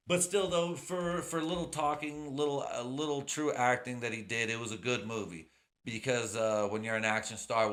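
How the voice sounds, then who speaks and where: A man's voice: lowish voice, fairly bright tone. A man hosting his own podcast, rambling casually in a profane, slangy way. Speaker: podcast host. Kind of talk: casual solo podcast rant.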